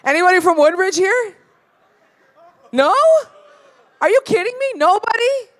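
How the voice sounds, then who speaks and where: A woman's voice: very high voice, lively intonation, unhurried. A brash young woman from the Toronto area working a live stand-up crowd. She rambles through crude stories, swears freely and tosses "right?" at the audience after almost every line. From Toronto area, Canada. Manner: brash, profane, rambling storytelling with frequent "right?". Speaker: stand-up comedian. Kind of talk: stand-up comedy set. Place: live comedy venue with audience.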